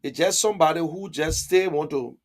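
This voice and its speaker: On his political live stream, a man answers viewer comments at normal speed, arguing hard and emphatically repeating himself. His voice is fairly high for a man.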